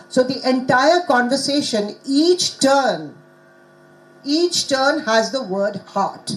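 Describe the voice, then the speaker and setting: A middle-aged woman presents at a conference in a lively, teacherly way. Her voice sits a little high, and she keeps pausing to quiz her listeners and stress key words. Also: rough recording. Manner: quizzes the audience, animated teacherly emphasis. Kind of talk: interactive teaching talk.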